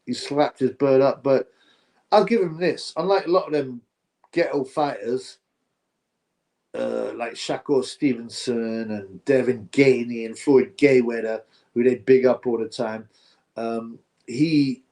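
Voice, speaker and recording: A man's voice: medium pitch, a little slow, dark tone. Man, live-stream host, casual chat, blunt and opinionated, rambling. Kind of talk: casual live-stream chat, reading viewer comments aloud.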